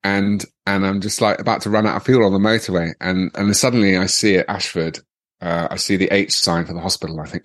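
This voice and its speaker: A middle-aged man, a podcast guest telling an anecdote in a lively way, laughing often and stumbling over restarts. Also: low voice, quick pace, no echo.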